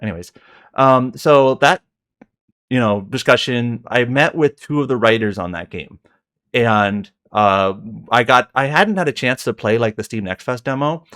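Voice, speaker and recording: A man in a relaxed podcast chat, telling a long story in a loose, wandering way. He keeps catching himself mid-sentence and restarting, padding his talk with fillers. His voice sits at an ordinary, middle pitch. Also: a little slow, clear, resonant tone. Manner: rambling, heavy on fillers and self-corrections. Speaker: podcast co-host.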